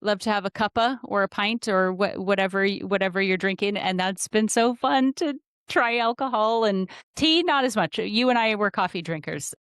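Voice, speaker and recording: A woman comedian talking candidly in a casual interview, with quick jokes and asides. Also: mid-range voice, fairly bright tone, clean tone, no room sound, studio quality. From Idaho, USA. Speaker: comedian guest.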